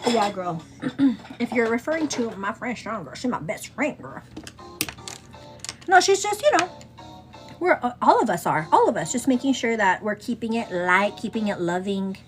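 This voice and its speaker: A woman's voice: fairly high pitch, animated, normal speed, faint music behind. A woman hosting a casual morning livestream, chatty and teasing, laughing often and calling her viewers "girl". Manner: laughs often, teasing then turning earnest. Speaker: livestream host. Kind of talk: casual chat on a morning get-ready livestream.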